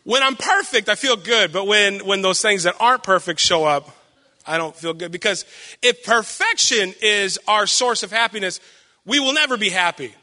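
A young man giving a sermon with personal stories, loud and animated, self-deprecating and acting out what people say. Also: high voice, moderate pace, in a large hall. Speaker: preacher.

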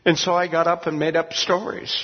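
An older man who is a pastor, telling his story earnestly, halting with many restarts. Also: a little high, little pitch movement. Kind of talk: testimony in an interview. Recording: dull recording in a long-echo room.

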